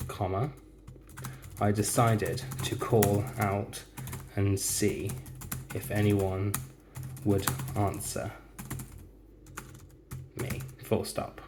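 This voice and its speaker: A man with a fairly low voice who teaches by dictating a story one careful word at a time, speaking every comma and full stop aloud. He talks slowly while typing at a keyboard. Faint noise sits under the recording. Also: steady tone. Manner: slow, deliberate dictation, speaking punctuation aloud.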